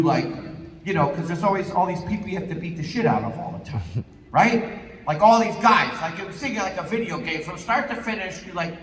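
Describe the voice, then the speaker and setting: A man as a voice actor guest at a convention panel, telling comic stories in an animated, jokey way and swearing casually. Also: sits high, a little hiss or hum. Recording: echoey hall, voice from far off.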